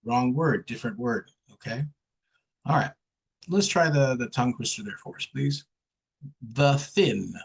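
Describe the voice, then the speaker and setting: A man's voice: medium pitch, breathy edge, low-quality recording. A man teaching English pronunciation in an online one-on-one lesson, patient and repeating sounds for the student to copy. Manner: patient, slow, drills sounds with repetition.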